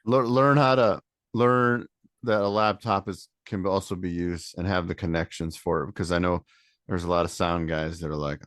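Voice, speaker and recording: A man's voice: deep voice, normal speed, a bit bright, no room sound, studio quality. A man from Michigan, a band member guest, talking in a laid-back, rambling way in a casual interview.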